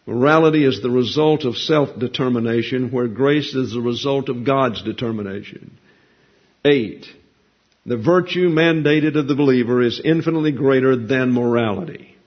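Folksy preacher man, husky, lo-fi. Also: mid-range voice, a little slow. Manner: folksy, conversational teaching with rhetorical questions. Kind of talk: sermon. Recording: dull lo-fi recording.

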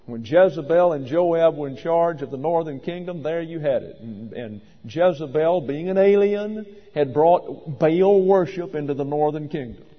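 A man delivers a sermon with a fairly high voice, emphatic and wry, sometimes stopping mid-phrase to correct himself. The sound is dull and lo-fi, with a long reverb from a large hall. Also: normal speed, hardly any pauses. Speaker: pastor.

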